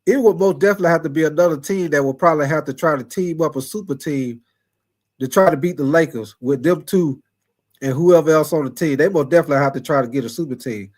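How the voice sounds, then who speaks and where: Loose, lively talk from a sports livestream host whose voice sits fairly high. He reads super chats, calls out chatters by name, repeats himself constantly, laughs easily, and swings from pumped-up bursts into low, stretched-out asides.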